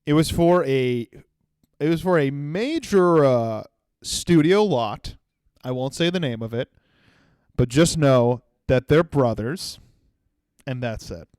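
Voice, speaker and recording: A young man hosting a comedy podcast, telling a story in an animated way and acting out the people he quotes. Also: mid-range voice, smooth, no room sound, clean studio sound. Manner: animated storytelling with acted-out quotes and sudden shouts. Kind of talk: solo comedic monologue.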